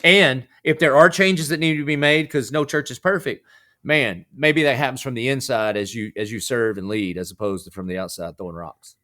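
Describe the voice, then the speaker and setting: A male pastor who is a guest on a podcast, speaking at a middle pitch in a relaxed, brotherly way. He now and then slips into a preaching cadence. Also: normal speed. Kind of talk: casual interview chat.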